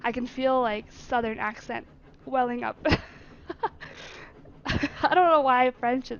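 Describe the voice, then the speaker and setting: A woman's voice: fairly high pitch, takes it slowly, lo-fi sound. A woman streamer reading a story game aloud, with chatty asides to her viewers between the read passages.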